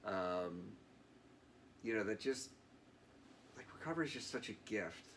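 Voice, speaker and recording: A man's voice: lowish voice, expressive, a little slow, a bit bright, a little hiss or hum. A man in his thirties, a guest in an interview, telling his story in an earnest, reflective way with many fillers. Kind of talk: candid interview.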